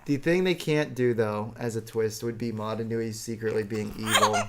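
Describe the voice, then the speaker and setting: A man's voice: lowish voice, fairly even intonation, normal speed, heavy background noise. A man streaming live, answering viewer chat in a rambling, self-deprecating way and chuckling often.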